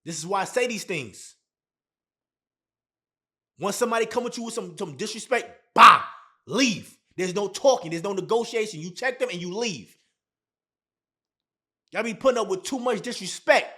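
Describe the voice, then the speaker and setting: A man's voice: high voice, expressive, normal speed, long pauses, bright, forceful tone. A man giving blunt, emphatic dating advice straight to camera, repeating his points. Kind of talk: casual talk to camera.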